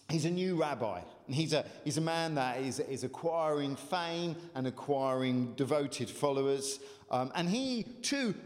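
A male pastor preaching a lively sermon to a congregation, urging them to call out, with frequent fillers and restarts. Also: mid-range voice. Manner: animated, urges congregation to call out. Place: church hall. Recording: long hall reverb.

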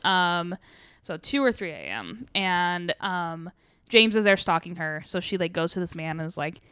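A woman's voice: on the low side, moderate pace, smooth, no echo, clean studio sound. A young woman chatting casually about a film she watched, laughing often and acting out lines from scenes. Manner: animated, laughs often, acts out quotes. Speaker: podcast co-host. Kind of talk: casual chat recapping a film.

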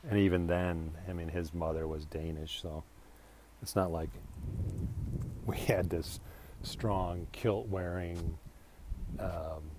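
Deep-voiced man rambling on a walk. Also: dark tone. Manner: chatty, meandering, self-interrupting with restarts. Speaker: podcast host. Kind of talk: casual rambling monologue. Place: outdoors, walking a dog in a residential neighbourhood. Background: pool pump noise.

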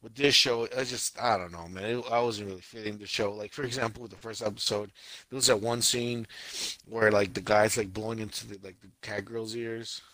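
A young man co-hosting a casual podcast, recounting a show with exasperated, animated energy and silly put-on voices for the scenes. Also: lowish voice, a little fast, no room sound. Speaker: anime podcast co-host. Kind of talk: casual podcast review chat.

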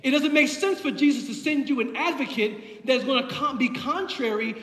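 Male pastor, very high voice, passionate repetitive preaching, roomy church echo. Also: moderate pace, a bit bright. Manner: impassioned, builds with repeated phrases. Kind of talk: sermon. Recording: echoey hall from far off.

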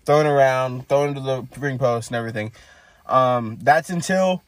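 A man's voice: medium pitch, normal speed. A man co-hosting a casual wrestling podcast, recapping matches blow by blow with many fillers. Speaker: podcast co-host.

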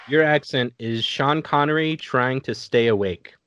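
Slow-talking wry podcast host. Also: male voice, mid-range voice, a bit bright, clear, resonant tone, no echo. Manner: wry, dry, handing out prompts and points. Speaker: podcast host running a game. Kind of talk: casual podcast chat.

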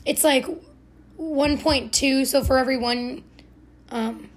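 Background noise accompanies a young Ohio woman hosting a podcast as she tells a rambling, self-mocking story full of "like" and self-corrections. Her voice sits high, her intonation is fairly even, and she speaks at a slow pace.

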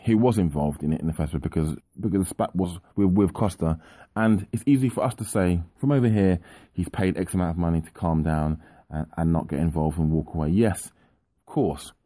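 A man's voice: low-pitched, a little fast, dark tone, no echo. A man co-hosting a football podcast, venting in an exasperated, repetitive rant. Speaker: podcast co-host.

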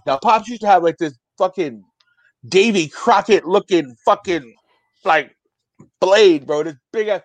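A man's voice: high-pitched, a little slow, no echo. A man in his forties casually telling a profane story on a podcast, acting out the people in it. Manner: profane, animated, acts out quotes. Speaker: storyteller guest.

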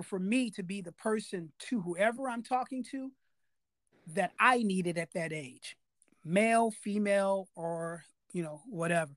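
A man's voice: high voice, dry recording. A man hosting a podcast interview, talking emphatically in a casual way and repeating key phrases for weight. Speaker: podcast host.

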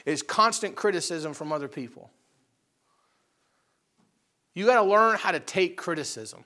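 A man with a high, bright, ringing voice preaches a sermon. He talks straight to the congregation in a casual, conversational way, rising to loud, animated bursts and dropping to quiet asides. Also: a little slow. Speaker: pastor.

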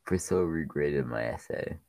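A young man in casual podcast chat, opinionated and quick to argue back. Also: rumbling low, lively intonation, a little mellow, dry recording.

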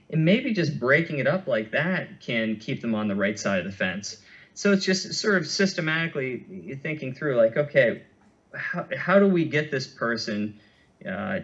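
A man's voice: mid-range voice, fairly bright tone. Man explaining, muffled lo-fi audio. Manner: thoughtful, many fillers and restarts. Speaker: running injury clinician, guest. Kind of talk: conversational expert explanation.

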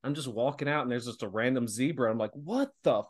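On a laid-back podcast, a guest pro wrestler in his thirties spins animated stories, laughing often and cursing without restraint. He speaks quickly in a mid-range voice.

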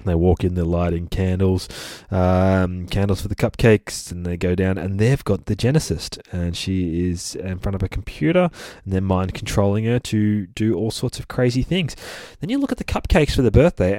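Excitable, swearing man gushing over comics. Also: deep voice, moderate pace, dry recording, clean studio sound. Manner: rambling, with many fillers. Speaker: comic book podcast host. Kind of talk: casual comic book review.

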